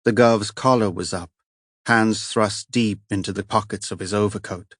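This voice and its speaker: A man reads a crime novel aloud in a steady, measured way. His voice is on the low side and sounds dry and close to the mic, with no room around it. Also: slightly rough, no room sound. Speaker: audiobook narrator. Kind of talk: scripted narration.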